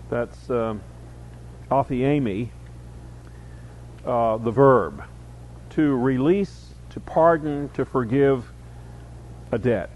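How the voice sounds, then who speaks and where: Reading Bible verses aloud with added emphasis, a man teaches a Bible study lecture and explains words slowly. He often pauses with fillers, and his mid-range voice has a slightly mellow quality.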